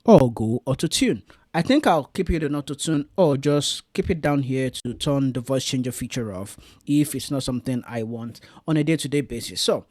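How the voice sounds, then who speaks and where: A tech reviewer gives a casual, chatty review of a streaming mixer, demonstrating its features live. His medium-pitched, slightly mellow voice moves at a moderate pace with few pauses.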